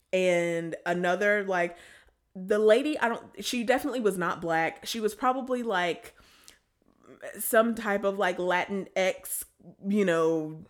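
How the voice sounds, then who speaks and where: A woman, chatting casually and telling an exasperated story, often acting out quotes. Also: on the low side.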